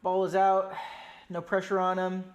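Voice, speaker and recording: At normal speed and in a mid-range voice, a fan live-streams their own commentary on a game. They're excitable and pleading, alternating loud bursts with muttered remarks, and they curse a lot.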